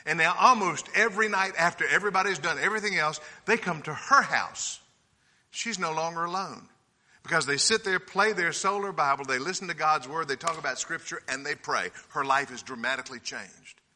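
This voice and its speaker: A man preaching a sermon, telling folksy, humorous stories in a lively way. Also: on the high side. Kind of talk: sermon with storytelling. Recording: reverberant hall.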